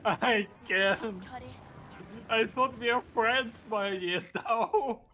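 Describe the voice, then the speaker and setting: A man's voice: high-pitched, drawn-out words, pushed and bright, slight background noise. A man co-commentating a speedrun in casual chat, whiny and laughing, swearing often.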